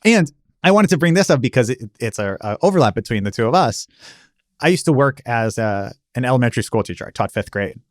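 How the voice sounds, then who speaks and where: A man's voice: mid-range voice, animated, quick pace, no room sound, clean studio sound. An American man hosting a podcast, chatty and self-deprecating, often restarting his sentences. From United States. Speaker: podcast host. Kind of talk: conversational podcast interview.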